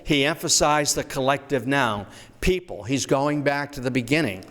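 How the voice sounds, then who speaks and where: A man giving a public history lecture in a storytelling manner, slowing down to recite quotations. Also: mid-range voice, a crowd in the background. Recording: echoey hall.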